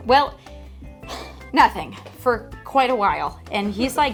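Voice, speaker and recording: A woman's voice: mid-range voice, fairly bright tone. A woman hosting a casual book club recap, chatty with lots of fillers and some swearing. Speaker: host.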